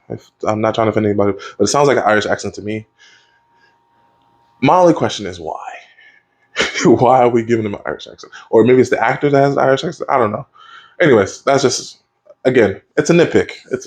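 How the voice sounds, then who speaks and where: A man giving a casual spoken review of a TV episode, easygoing and rambling, with lots of fillers and restarts. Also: medium pitch. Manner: rambling, with frequent fillers and self-corrections; easygoing and conversational.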